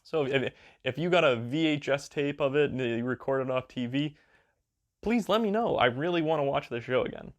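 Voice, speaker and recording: A man's voice: medium pitch, lively intonation, normal speed. A man, rambling in a casual, crude and joking way as a video creator, with lots of fillers and playful exaggeration.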